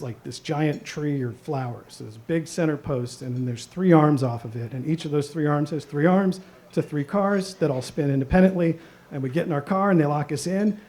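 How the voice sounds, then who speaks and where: A man's voice: a little high, warm tone. A middle-aged man from the Chicago area telling a personal story on stage at a story slam, conversational and swearing casually. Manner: conversational, swears casually, quotes himself and his dad. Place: stage at a live event.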